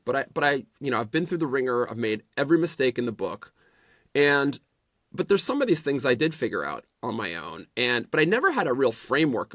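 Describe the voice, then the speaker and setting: A man's voice: medium pitch, no echo. Middle-aged guy telling stories on a podcast, lots of restarts, dry close sound. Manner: animated anecdotes with repeated restarts. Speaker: podcast guest, CEO. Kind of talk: casual storytelling interview.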